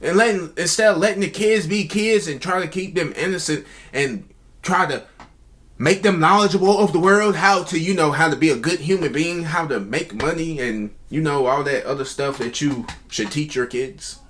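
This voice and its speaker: A young man hosting a reaction video, talking casually in an animated, mocking way as he comments on clips. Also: a little high, moderate pace.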